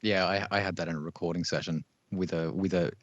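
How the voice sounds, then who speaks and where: Brief: Australian man, deep voice, easygoing vocal coach, dry lo-fi studio recording. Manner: relaxed, agreeable, with quick affirmations. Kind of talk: casual chat between vocal coaches.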